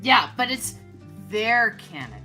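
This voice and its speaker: A woman chatting casually on a podcast, musing and halting as she searches for words. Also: on the high side, big pitch swings, bright, forceful tone, faint music behind. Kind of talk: casual chat.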